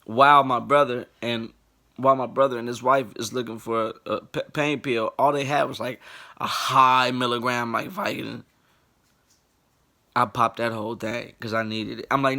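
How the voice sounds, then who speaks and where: Man, late twenties, casual comedic storytelling, animated, bright voice, mid pitch. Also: moderate pace. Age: late 20s. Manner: animated, laughs through the story, acts out quoted people.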